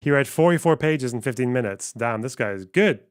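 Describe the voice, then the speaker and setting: A man's voice: medium pitch, expressive, a little fast, clean tone, dry recording, clean studio sound. A man hosting a live stream, chatting casually and muttering offhand remarks as he reacts to clips. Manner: offhand, chuckling, muttering to himself.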